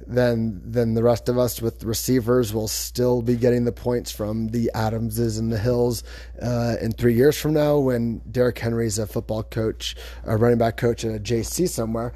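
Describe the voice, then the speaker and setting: A man's voice: mid-range voice, level tone, moderate pace, mellow, no room sound, studio quality. A man hosting a podcast, chatting casually in a rambling, self-correcting way. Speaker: podcast host. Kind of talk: casual chat about fantasy football.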